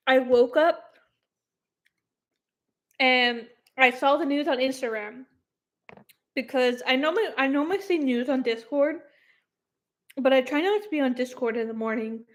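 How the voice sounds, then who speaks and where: A woman's voice: sits high, measured pace, pauses often. A young woman hosting her own livestream from home, chatting casually in a rambling, self-deprecating way. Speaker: YouTube livestream host.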